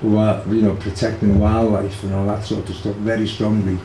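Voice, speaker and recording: A man's voice: on the low side, flat delivery, moderate pace, warm tone. An older man with a Liverpool accent, casually reminiscing about his brother in an interview, rambling with many fillers and restarts. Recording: echoey room, faint background hiss.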